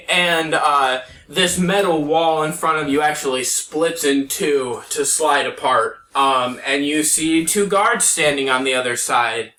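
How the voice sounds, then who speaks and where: A man's voice: fairly high pitch, measured pace, hardly any pauses, bright, forceful tone, slight background noise. A man narrating a tabletop game as game master, easygoing and full of fillers. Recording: roomy, distant mic.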